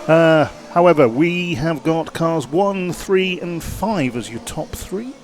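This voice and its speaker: A man's voice: on the high side, animated, slow. A man filling in on live race commentary, hesitant and unsure of himself. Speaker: stand-in co-commentator.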